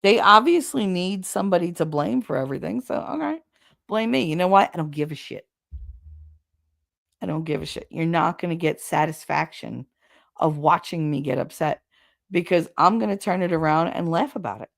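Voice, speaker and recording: A middle-aged woman with a low, gravelly voice talks casually to a live-stream audience. Her tone is candid and wry, and she slips in blunt sarcastic asides as she vents. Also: animated, normal speed. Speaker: streamer hosting a chat.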